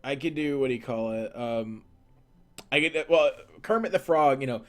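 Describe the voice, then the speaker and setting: A man's voice: medium pitch, moderate pace. A young man live-streaming while he draws, chatting casually and rambling as he answers viewer questions.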